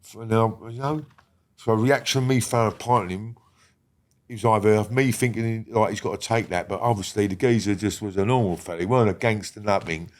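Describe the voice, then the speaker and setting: A middle-aged man, a guest in a casual podcast interview, talking bluntly with lots of swearing and often dropping to a quiet murmur. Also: a little fast. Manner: blunt and heavy on swearing, drops to a low murmur.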